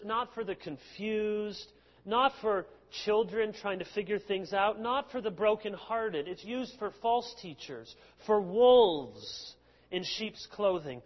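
A male pastor preaching a sermon, explaining passages with lively sarcastic asides. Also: high-pitched. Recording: long hall reverb, dull lo-fi sound.

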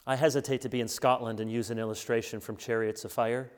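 A man preaching a sermon to a congregation in a church, earnest and emphatic, slowing down to stress key words. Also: medium pitch, little pitch movement, clean tone, big-room sound.

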